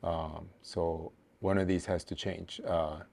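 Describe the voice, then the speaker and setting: A man's voice: low voice, level tone, slow, creaky, darkish tone. A man teaching a songwriting workshop, thinking aloud with frequent "uh" fillers and patiently counting syllables.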